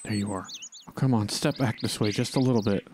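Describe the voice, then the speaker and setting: A man's voice: on the low side, steady tone, a little fast, background noise. Man muttering at animals in a hunting game. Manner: talks to the animals on screen, pleading and muttering. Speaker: gaming channel host. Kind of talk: gameplay commentary.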